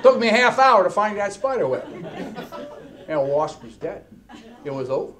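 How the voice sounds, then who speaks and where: A man telling a comic story on stage as a keynote speaker, wisecracking and animated, dropping into hushed asides. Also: sits high, moderate pace, pauses often, crowd noise. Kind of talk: stand-up comedy storytelling. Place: stage before a live audience.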